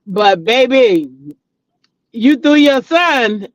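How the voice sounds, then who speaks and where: A man's voice: extremely high pitch, lively intonation, very slow, no echo, low-quality recording. A middle-aged man, hosting a casual commentary chat in a blunt, profane, laughing way. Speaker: channel host.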